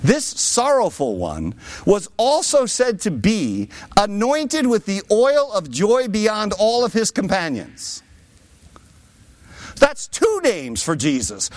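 A man's voice: sits high, no echo. A man preaching a sermon, with rhetorical asides to his listeners. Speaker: pastor.

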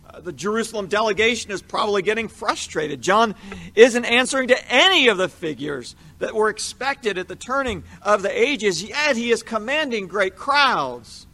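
A man giving a measured, explanatory Bible teaching, leaning into the verses he quotes. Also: high voice, expressive, sharp tone.

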